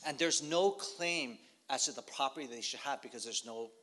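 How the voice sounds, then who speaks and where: A man preaching, telling a story in short phrases and pausing for an interpreter. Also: mid-range voice, sharp tone. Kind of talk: sermon with live interpretation.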